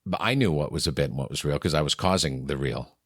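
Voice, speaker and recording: Middle-aged New England man, deep low voice, radio host spinning lively anecdotes, dry close mic. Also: fast, no room sound. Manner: animated anecdotes, acting out quoted exchanges. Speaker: radio morning show host, podcast guest. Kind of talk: candid storytelling in a conversation.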